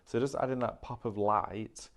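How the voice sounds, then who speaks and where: A man's voice: lowish voice, steady tone, moderate pace. A man presenting a live craft demonstration, explaining each step in a chatty way. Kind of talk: live shopping craft demo.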